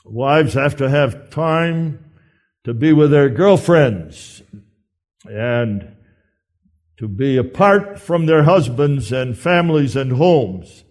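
A man preaching a sermon in an earnest, emphatic way with deliberate pauses. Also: medium pitch, animated, darkish tone.

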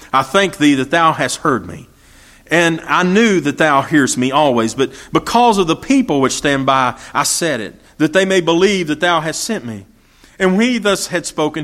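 High-pitched preacher man. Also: a bit bright. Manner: folksy, rhetorical questions, reads scripture in old-fashioned English. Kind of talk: sermon with scripture reading.

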